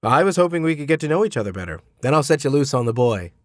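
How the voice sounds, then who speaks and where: A man's voice: medium pitch, very animated, rapid-fire, dry recording, studio quality, lightly acted. A man voicing an affable older businessman who asks probing questions in a genial way, in an audiobook. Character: affable wealthy older businessman, Yale graduate.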